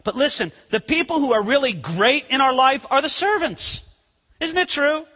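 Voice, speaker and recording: A man's voice: extremely high pitch, animated, moderate pace, pushed and bright. A male pastor preaching a conversational sermon. He acts out scenes as he talks. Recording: long reverb of a large hall.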